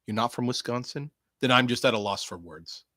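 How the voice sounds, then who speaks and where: Male podcast host, mid-pitched, sarcastic rambler, close dry mic, jumps from mumbling to yelling. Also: a little fast, dry recording. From Canada. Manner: rambling, sarcastic, swings from mutters to loud outbursts. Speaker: podcast host previewing wrestling shows. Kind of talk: casual solo chat.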